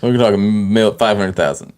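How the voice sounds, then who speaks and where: A man's voice: on the low side, moderate pace, a little mellow, clear, resonant tone. A man co-hosting a sports podcast, talking in a loose, profane, joking way. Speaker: podcast co-host. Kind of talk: casual sports chat.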